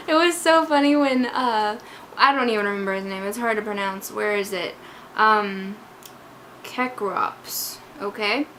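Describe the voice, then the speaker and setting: A woman's voice: medium pitch, animated, measured pace, fairly bright tone, a little hiss or hum. A woman talking through a book she loved in a casual vlog, gushing, scatterbrained and emotional as she jumps between parts. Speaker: book vlogger.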